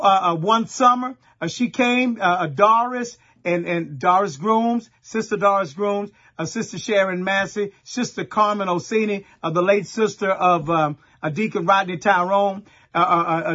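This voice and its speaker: A middle-aged pastor from Texas, preaching a sermon in a folksy storytelling way and talking straight to the congregation. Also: male voice, high-pitched, fairly bright tone, muffled recording.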